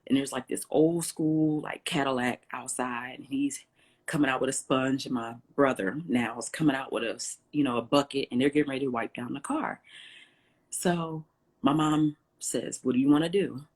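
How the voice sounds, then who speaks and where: A woman guest in an interview, telling a personal story with lively, acted-out dialogue. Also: a bass voice, normal speed, breathy edge. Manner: animated storyteller, acts out quoted dialogue.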